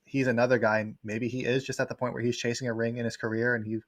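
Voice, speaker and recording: A man talking at a brisk clip as a guest sports writer on a casual live stream. He rambles through his points with plenty of fillers, in a mid-pitched voice. The sound is dry and close, with no room around it. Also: little pitch movement, no room sound. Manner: quick, rambling with many fillers. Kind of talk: casual livestream chat.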